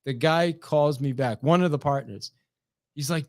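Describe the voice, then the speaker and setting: A middle-aged man, a sales trainer, talking to camera in an energetic, chatty way, often repeating words and tossing in "right?" as he goes. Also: fairly high pitch, moderate pace, no echo, studio quality.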